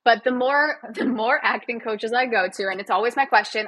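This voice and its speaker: A woman's voice: fairly high pitch, a little fast, a bit bright, husky, no room sound, rough recording. A woman guest on a podcast, chatting casually with a sarcastic, jokey manner and frequent laughs. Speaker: guest, physiotherapist and actor.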